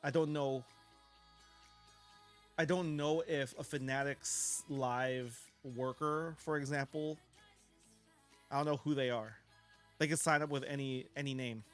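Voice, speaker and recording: A man's voice: mid-range voice, fairly even intonation, unhurried, pauses often, soft background music. A man streaming a live card break, chatting casually and ranting with swearing and frequent chuckles.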